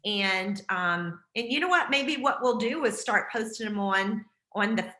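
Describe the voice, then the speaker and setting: A woman's voice: mid-range voice, animated, unhurried, pushed and bright, reverberant. A woman hosting a casual team video call, chatty and encouraging with lots of fillers.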